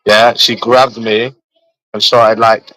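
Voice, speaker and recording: A man's voice: lowish voice, little pitch movement, takes it slowly, fairly bright tone, no room sound, low-quality recording. A young man, chatting casually with friends in repetitive, laughing, slangy banter. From London. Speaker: streamer.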